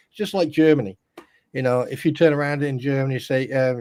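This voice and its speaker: A man's voice: medium pitch, fairly even intonation, darkish tone, no echo. A British man from the UK co-hosting a live stream, chatting casually in a rambling, joking way. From United Kingdom. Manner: rambling, joking, quick to mimic others. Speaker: stream co-host.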